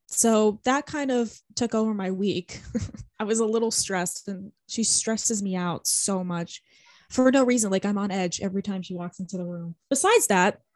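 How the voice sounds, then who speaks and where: A woman's voice: medium pitch, no echo. A young woman co-hosting a podcast, telling stories in casual chat with lots of swearing and "like". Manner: animated storytelling, swears, heavy use of "like". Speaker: podcast co-host.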